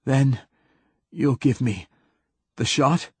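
A man's voice: medium pitch, very slow, breathy edge, dry recording, pitched above the performer's own voice, heavily acted. A man voicing a male priest in agonizing pain, gasping and begging in an audiobook reading. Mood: pleading. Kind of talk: audiobook character voice.

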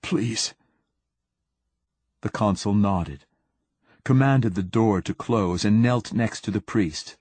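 A male audiobook narrator telling the story in a very slow, steady way. His voice is low and husky, and the recording is dry and close. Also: no echo. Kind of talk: scripted narration.

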